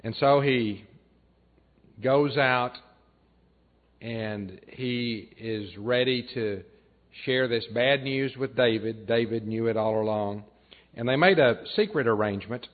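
A man preaching a sermon, retelling a story in an earnest way and dropping his voice low and soft for emphasis. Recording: tinny phone-like sound.

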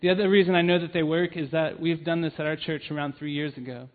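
Over a tinny, phone-like recording, a man with a voice on the high side talks fast with fairly even intonation. He leads a church's family ministry and is preaching a sermon, sharing personal stories earnestly with lots of "um"s.

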